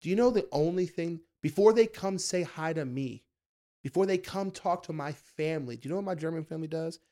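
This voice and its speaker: A man's voice: fairly high pitch, fairly quick, mellow. A young man chatting as a podcast guest, laid-back but emphatic, calling people bro. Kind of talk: casual chat.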